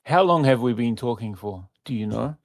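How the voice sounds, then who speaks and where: A man casually testing a voice assistant, hesitant and halting with many fillers. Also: medium pitch, animated, no room sound, studio quality. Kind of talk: casual chat.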